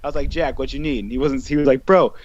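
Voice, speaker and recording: Young male podcast co-host, animated profane storyteller, muffled lo-fi mic, faint hiss. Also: mid-range voice, racing. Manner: animated, profane, acts out quotes. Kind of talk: casual storytelling chat.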